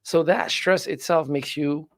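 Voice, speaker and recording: A man hosting a casual personal growth chat, telling lively stories and acting out the people he quotes. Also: on the high side, a little slow, dry recording, clean studio sound. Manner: animated storyteller, acts out quoted voices. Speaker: host, personal growth speaker.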